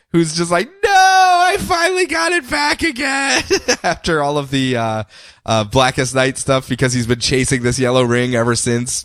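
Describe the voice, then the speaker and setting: A man's voice: fairly high pitch, no room sound, clean studio sound. A man co-hosting a podcast, chatting casually and animatedly about comic books and jumping into silly voices for the characters. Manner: animated, does silly voices when recapping. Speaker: podcast co-host. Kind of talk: casual comic book chat.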